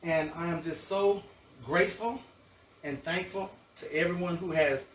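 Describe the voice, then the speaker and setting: A cooking-show host who gushes and chats nonstop with his viewers. His voice sits fairly high for a man. He is picked up from a distance in an echoey kitchen, with faint background noise. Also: unhurried. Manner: chatty and effusive, savoring food aloud. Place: home kitchen.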